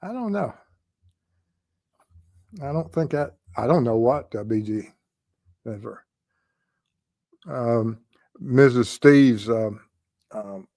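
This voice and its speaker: A man's voice: on the low side, dark tone, dry recording, clean studio sound. An older man hosting a casual true crime livestream, rambling with many ums and uhs as he greets viewers in the chat.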